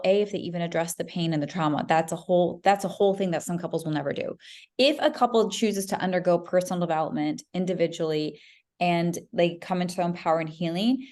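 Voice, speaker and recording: A woman's voice: mid-range voice, a little mellow. A woman hosting a podcast, asking long, winding questions with enthusiasm. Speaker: podcast host. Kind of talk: interview questions.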